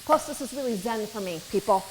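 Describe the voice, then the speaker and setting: A woman's voice: on the high side, lively intonation, a little fast. A woman chef giving a casual cooking demonstration in a kitchen, chatty and joking, with asides to the viewers. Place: kitchen at the stove. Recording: sizzling pan noise behind the voice.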